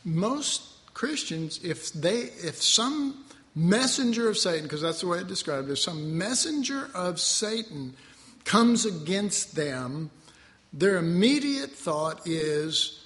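A man's voice: high voice, big pitch swings, takes it slowly, a bit bright, big-room sound. A man preaching a conversational sermon in a folksy way, chuckling and acting out voices from the story. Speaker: pastor.

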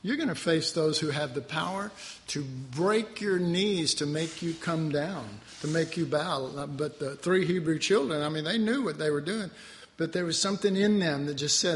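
A man's voice: on the high side, moderate pace, long reverb tail. A man preaching a conversational sermon in a folksy way, chuckling and acting out voices from the story. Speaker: pastor.

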